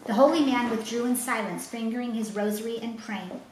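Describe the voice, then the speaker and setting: Expressive woman reading a story aloud. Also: fairly high pitch, a little fast, a little hiss or hum. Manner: expressive, dramatic. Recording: roomy echo, faint ambience.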